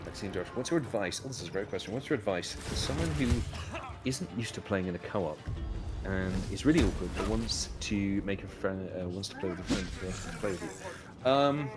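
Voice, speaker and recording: Deep-voiced and expressive, this British man speaks a bit quickly while joining a co-op game as a guest streamer. He chats, cracks jokes and wanders into asides as game music plays behind him.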